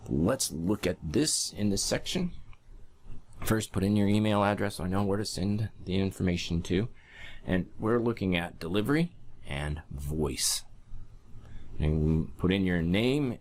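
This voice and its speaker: A man's voice: low voice, a little mellow. A man teaching public speaking, talking emphatically and demonstrating changes in his voice as he coaches. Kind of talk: instructional talk.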